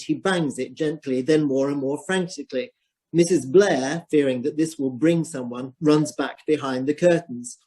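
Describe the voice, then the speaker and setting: Husky male stage-direction reader. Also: a little high, warm tone. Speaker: narrator reading stage directions.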